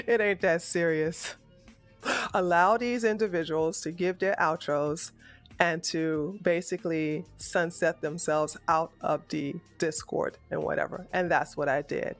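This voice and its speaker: With faint music in the background, a male political streamer talks through an argument at a measured pace. His voice sits fairly high, fairly bright and fairly even in intonation, though his delivery is emotional, halting and full of self-corrections.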